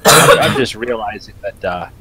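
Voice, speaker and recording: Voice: sits low, unhurried, very noisy. A player in a tabletop game chatting casually about the group's plans. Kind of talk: casual chat.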